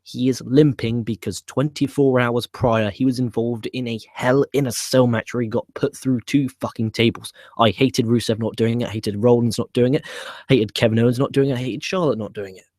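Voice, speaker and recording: A man giving a casual, opinionated recap of a wrestling show he is booking, blunt and quick to swear. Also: medium pitch, fairly even intonation, a little mellow, no echo, clean studio sound.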